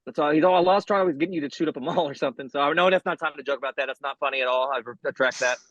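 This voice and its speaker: A man's voice: fairly high pitch, racing, fairly bright tone, no room sound, lo-fi sound. A man co-hosting a podcast in casual comedic chat, rambling with jokey asides and many restarts. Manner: rambling, jokey, lots of restarts and acted quotes. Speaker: podcast co-host.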